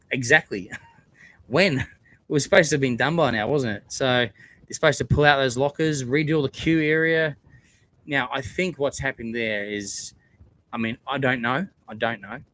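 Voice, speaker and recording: A man's voice: mid-range voice, normal speed, long pauses, a bit bright. A man hosting a casual livestream chat, talking earnestly in a rambling way with many fillers and restarts. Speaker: theme park YouTuber hosting a livestream.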